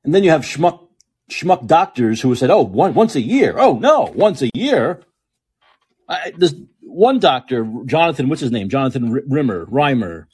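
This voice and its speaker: This podcast host delivers political commentary as an angry, sarcastic rant full of swearing. His mid-range voice swings widely in pitch, with a breathy edge and a moderate pace.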